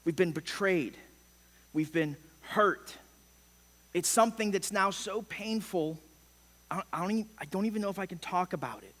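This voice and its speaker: A middle-aged male pastor preaches with a high, bright, ringing voice. His delivery is impassioned and emphatic, swelling and dropping suddenly. The sound carries a long reverb from a church hall. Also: lively intonation, moderate pace. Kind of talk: sermon. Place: church sanctuary.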